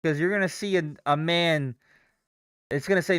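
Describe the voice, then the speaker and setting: Young man, trading streamer, swears freely, clear smooth voice, dry close mic. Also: on the high side, moderate pace, a bit bright, dry recording. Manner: profane, rambling, reacts to chat and charts. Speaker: livestream day trader. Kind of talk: casual live-stream chat.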